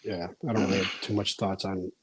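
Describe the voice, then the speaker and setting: Casting: lowish male guest, recovering from a cold, soft and hesitant. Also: little pitch movement, fairly quick, slight background noise. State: getting over a cold, coughing. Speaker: podcast guest. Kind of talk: casual chat.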